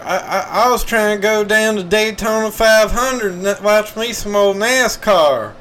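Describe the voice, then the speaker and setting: A man doing a loud, folksy Southern good ol' boy with a Southern drawl, pitched high and pushed hard. He gripes brashly. There is faint noise behind him. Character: loud Southern redneck man, NASCAR fan.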